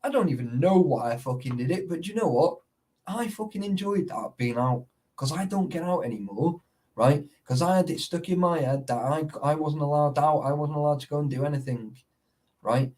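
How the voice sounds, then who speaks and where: Man, talkative and profane, voice a touch high, keeps checking you're with him. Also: brisk, a little mellow, recorded from a distance. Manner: sweary, rambling, keeps asking "you know what I mean". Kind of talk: casual chat.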